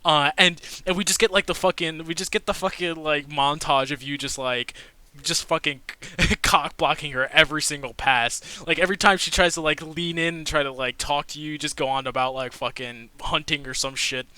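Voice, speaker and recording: A man's voice: fairly high pitch, fairly even intonation, moderate pace, pushed and bright, clean tone, dry recording. A man narrating as game master in a tabletop game, rambling, with lots of filler words and swearing.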